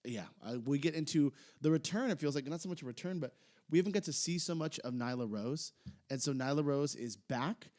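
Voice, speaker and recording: A man co-hosting a podcast, chatting casually and a bit hesitantly, getting excited as he talks. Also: a little high, brisk. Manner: rambling, hesitant, gets excited. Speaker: podcast co-host. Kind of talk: casual chat recapping wrestling.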